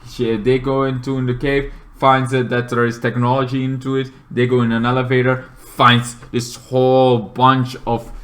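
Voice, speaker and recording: A man's voice: mid-range voice, little pitch movement, normal speed, few pauses, fairly bright tone. A man in his late twenties casually recapping a movie plot, rambling and padding his sentences with fillers like "kind of thing". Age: 20s. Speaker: movie reviewer.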